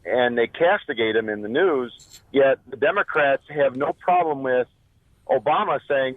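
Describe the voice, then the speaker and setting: A man's voice: medium pitch, a little slow, dry recording. Male caller on a tinny phone line. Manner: chatty, joke-telling. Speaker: radio caller. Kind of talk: phone-in call. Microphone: telephone.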